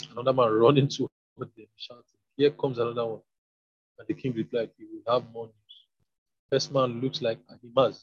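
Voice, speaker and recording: Husky man reading scripture, lo-fi. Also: mid-range voice, dry recording. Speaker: scripture reader. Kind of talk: Bible reading. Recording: dull lo-fi recording.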